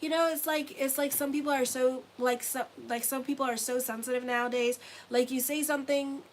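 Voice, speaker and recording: Woman astrologer in her forties, slightly high voice, blunt and profane, chatty horoscope reading. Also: fairly even intonation, fairly quick, slight background noise. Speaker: astrologer and tarot reader. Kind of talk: casual weekly horoscope reading.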